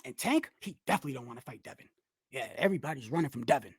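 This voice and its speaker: A woman voicing a smug male boxing pundit in a mocking, much deeper put-on drawl. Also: expressive, rapid-fire, husky, dry recording, studio quality, heavily acted. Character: scoffing hype-peddling male boxing pundit.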